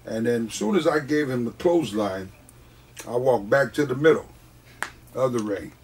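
Man, wrestler, animated storyteller, laughs often, mid pitch, distant mic. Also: moderate pace, a little hiss or hum. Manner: animated, laughs often while telling stories. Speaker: guest, wrestler. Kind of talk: casual interview storytelling.

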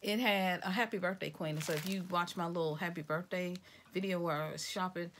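A woman opening gifts in a casual vlog, excitable and chatty, talking straight to her viewers and slipping into whispers now and then. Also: lowish voice, fairly quick, a little hiss or hum. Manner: excitable, addresses viewers as "y'all", slips into whispers.

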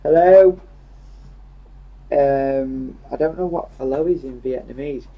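A man's voice: mid-range voice, slow, dull audio. A young man with a Yorkshire accent, casually reading live chat comments aloud and joking. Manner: jokey, reads comments aloud in a lively voice.

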